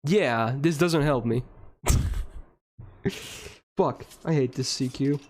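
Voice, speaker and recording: A man's voice: medium pitch, extremely slow, a little mellow. A man streaming a game live, talking casually to his chat and getting frustrated, swearing and ranting about the game.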